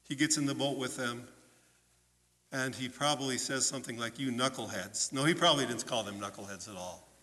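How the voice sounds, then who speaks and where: A man preaching as a pastor in a church, telling a story in an animated way and putting questions to his listeners. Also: medium pitch, fairly quick. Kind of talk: children's sermon storytelling. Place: church sanctuary. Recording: long church reverb.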